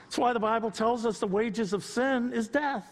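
A man in his sixties preaching a sermon off the cuff, moving from quiet storytelling to impassioned rising appeals. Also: very high-pitched, normal speed, in a large hall. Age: 60s. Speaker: pastor.

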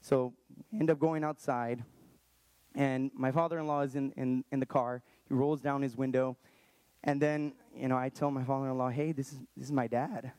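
A man in his thirties telling a personal story in an earnest, halting way, often restarting his sentences. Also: medium pitch, steady tone, darkish tone, dry recording. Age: 30s. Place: Texas, around Austin.

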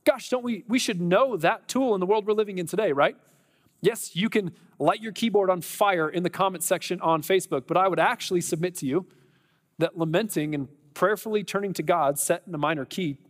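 A pastor with a high voice preaches a sermon at a brisk pace, his sound filling a big room. His style is conversational and emphatic, with many rhetorical questions for the congregation.

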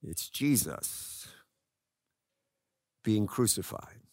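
A man preaching a sermon, telling the story dramatically and swinging between loud cries and hushed low lines. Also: lively intonation, extremely slow, no room sound, clean studio sound. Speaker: pastor.

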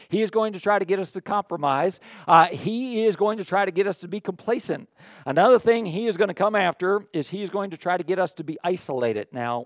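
A man's voice: sits high, no echo, clean studio sound. A man preaching a sermon as a pastor, folksy and conversational, with chatty asides to the congregation.

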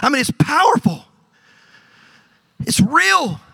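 Pastor guy preaching, high voice, dry close sound, gets loud and stacks up repeated words. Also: big pitch swings, takes it slowly, gravelly, dry recording. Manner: preaching with rising emphatic surges and repeated words. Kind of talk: sermon. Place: church sanctuary.

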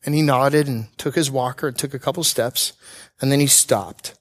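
A man preaching a conversational sermon, telling personal stories with earnestness and light humor, slowing down to stress key points. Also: mid-range voice. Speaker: pastor.

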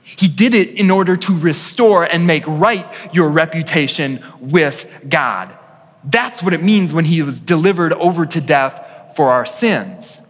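A male pastor delivers an earnest sermon to his congregation, his somewhat high voice carrying through a church with a long reverb tail. He drops to a near hush for weighty lines, then rises to press a point home. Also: lively intonation, a little slow. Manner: earnest preaching, swings from hushed to emphatic.

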